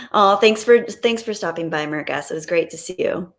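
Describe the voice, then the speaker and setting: A woman's voice: medium pitch, normal speed, hardly any pauses. A woman chatting casually on a live stream, rambling reflectively with frequent ums.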